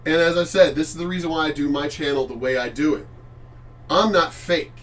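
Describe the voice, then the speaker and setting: A middle-aged man gives casual reaction commentary in a high voice, blunt and full of swearing. He rambles and restarts his sentences. He sits some distance from the mic. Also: fairly quick, a bit bright. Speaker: channel host reacting to clips.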